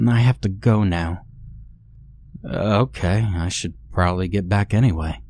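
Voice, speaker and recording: A man with a very low, deep voice reads a creepy tale aloud. He keeps a calm, measured pace and lets each line settle before moving on. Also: no room sound. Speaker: narrator. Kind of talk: scripted horror story narration.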